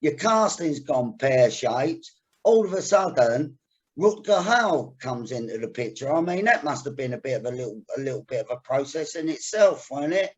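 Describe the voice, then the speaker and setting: A man's voice: on the high side, lively intonation, normal speed, slightly rough, lo-fi sound. A man with a South East London accent hosting a podcast, telling rambling stories and swearing freely. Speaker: podcast host. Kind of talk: casual chat.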